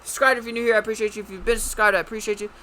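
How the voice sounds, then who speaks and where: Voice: mid-range voice, flat delivery, racing, bright, forceful tone, a little hiss or hum, low-quality recording. A video reviewer talking casually and loosely, rambling a bit and swearing now and then.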